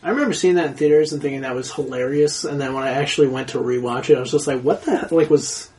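A man on a casual movie podcast, talking quickly and with enthusiasm, stumbling over his words. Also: mid-range voice, steady tone, dark tone. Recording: slightly distant from the mic.

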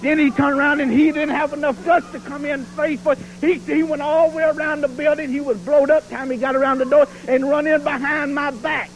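A man's voice: very high voice, flat delivery, fairly quick, few pauses, slight background noise, poor audio. A man cutting a boastful, taunting wrestling promo in rhyming, preacher-like brags, heard from an archive TV clip. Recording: archive TV clip with cheering crowd.

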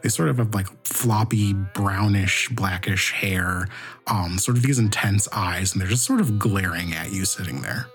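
Man game master, low voice, hesitant narration, music faint behind. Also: a little slow, slightly rough. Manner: hesitant, many fillers and restarts.

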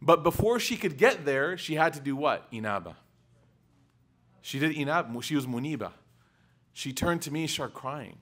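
A man giving a religious lecture to a live audience. He tells animated personal anecdotes in a casual style, full of "like" and "right?", and often quizzes his listeners. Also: on the high side, normal speed, long pauses. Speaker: religious speaker.

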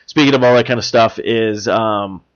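A man's voice: lowish voice, normal speed. A man co-hosting a podcast in casual chat, rambling, swearing and retelling movie scenes with jokes. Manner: profane, rambling, jokey retellings. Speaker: podcast co-host. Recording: dull lo-fi sound.

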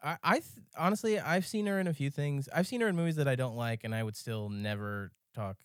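A man's voice: mid-range voice, fairly quick, clear, resonant tone, no room sound. A man co-hosting a casual film podcast, playful and emphatic, tripping over his words when he gets eager. His voice sits mid-range. The sound is dry and close. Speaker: podcast co-host.

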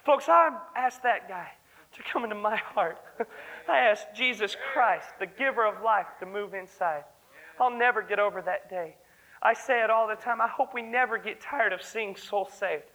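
A young man preaches with earnest fervor at a church service. His voice sits high and sounds bright and ringing. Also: moderate pace, poor audio. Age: young adult. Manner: earnest, fervent preaching, breaks into song. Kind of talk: sermon.

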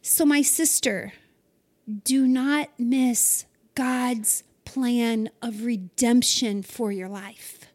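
Woman, middle-aged, devotional host, high voice, slow, earnest encouragement. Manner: earnest, encouraging, addresses listeners directly. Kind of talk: spoken devotional.

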